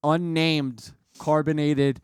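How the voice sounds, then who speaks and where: A man's voice: a little high, little pitch movement, slow pace, clear, resonant tone, no echo. A man doing joking color commentary on an esports match from a college studio set, teasing his partner. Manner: playful, teasing banter. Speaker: esports co-caster.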